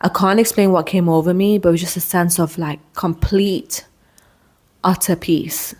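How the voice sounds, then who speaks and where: A woman in her thirties, hosting her own podcast, talks through a personal story with a lowish voice. Her delivery is candid and loose, full of restarts and asides as she circles back on her thoughts. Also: fairly even intonation, moderate pace, a little mellow. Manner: candid, rambling, with frequent restarts and "like". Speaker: podcast host.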